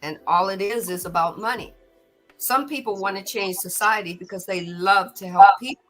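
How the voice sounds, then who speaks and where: A middle-aged woman hosts a spiritual podcast, speaking earnestly with a bright, forward tone. She often doubles back on her words. Faint music sits behind her. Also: medium pitch, moderate pace. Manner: earnest, repeats words when stirred. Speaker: podcast host. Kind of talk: spiritual talk.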